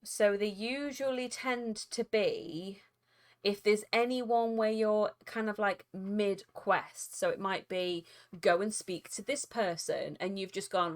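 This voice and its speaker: A woman's voice: mid-range voice, moderate pace. Chatty, giggly woman streamer. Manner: chatty, giggly, rambling with restarts. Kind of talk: casual live-stream chat with viewers.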